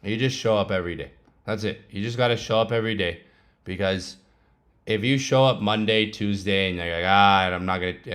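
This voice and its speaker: A young man vlogging casually about trading, talking in a loose, slangy way with laughing asides. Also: fairly low pitch.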